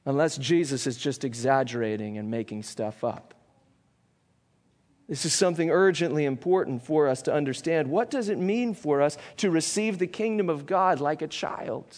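A man preaching a sermon as a pastor, earnest and emphatic, moving between stressed peaks and quiet, grave passages. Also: on the high side, normal speed, big-room sound.

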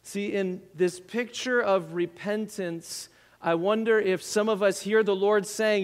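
A man with a high voice delivers a sermon at an unhurried pace. He is earnest, rising into impassioned appeals and sinking to near whispers. His voice rings with the long reverb of a large church hall. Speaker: pastor.

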